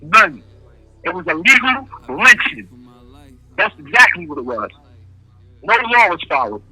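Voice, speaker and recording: A man's voice: high voice, very animated, a little slow, pushed and bright, husky. A man speaking over a phone call from prison in an interview, talking emphatically and hammering his points home by repeating key phrases in casual street speech. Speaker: incarcerated interviewee. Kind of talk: impassioned interview answers.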